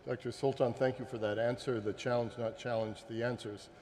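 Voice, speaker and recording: A man's voice: mid-range voice, flat delivery, fairly quick, darkish tone, a little hiss or hum. A man moderating a forum panel, polite and formal, thanking the speakers. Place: large conference hall. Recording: hall reverb, faint ambience.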